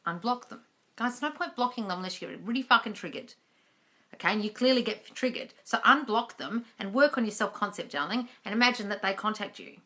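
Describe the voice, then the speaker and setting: A woman's voice: mid-range voice, animated, brisk, sharp tone. A young woman coach answering viewer questions in a casual live stream, chatty and blunt, swearing now and then. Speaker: manifestation coach.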